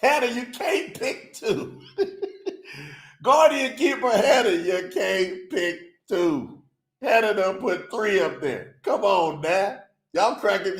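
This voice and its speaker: A man's voice: sits high, reverberant. An upbeat man hosting a casual livestream, chatting with viewers and reading their comments aloud. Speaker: livestream host.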